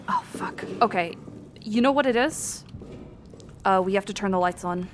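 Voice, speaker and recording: A young woman streaming a horror game, chatting casually with her viewers, swearing and swinging between muttered whispers and loud laughing outbursts. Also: medium pitch, animated, normal speed, background noise. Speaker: VTuber streamer. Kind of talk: casual gameplay commentary.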